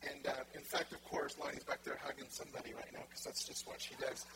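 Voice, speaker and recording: A man's voice: mid-range voice, steady tone, fast talker. A pastor preaching a conversational sermon, acting out little quoted exchanges as he goes. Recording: loud background noise.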